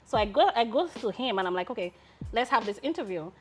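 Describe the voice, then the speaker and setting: A woman's voice: on the high side, expressive, fast talker, soft background music. A woman in her thirties with a Nigerian accent, a lawyer and founder telling stories as an interview guest, often breaking into laughter. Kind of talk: casual interview storytelling.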